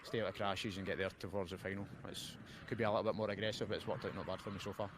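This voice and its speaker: A man's voice: sits low, steady tone. A Scottish man, a kart racer, answering matter-of-factly and modestly. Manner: quick, matter-of-fact, modest. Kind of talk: trackside interview. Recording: outdoor track with clear noise.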